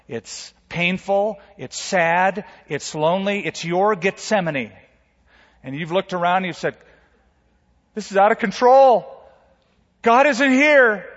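A male pastor preaching a sermon, swinging from loud, dramatic quotes down to soft, quiet asides. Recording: reverberant hall, dull low-fidelity sound.

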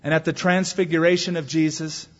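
A man delivers a sermon in a somewhat high, husky voice, pressing hard on key words and then sinking into quiet, low asides. The sound carries a long reverb from a large hall. The recording itself is dull and lo-fi. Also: level tone, fairly quick. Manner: earnest preaching with wide swings in pitch and volume. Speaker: pastor.

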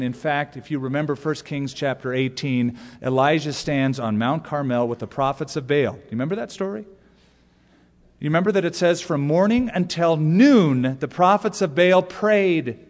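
This pastor's voice sits on the high side, trailing off into a long reverb tail. Preaching his sermon, he tells stories with animation and acts out over-the-top prayer voices to make his case.

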